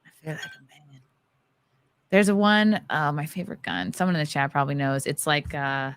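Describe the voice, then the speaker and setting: A woman's voice: deep voice, fairly quick, clear, resonant tone. A woman hosting a podcast who chats casually, laughs often and reads news items aloud. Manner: giggly, laughs often between remarks. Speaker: podcast host. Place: podcast studio.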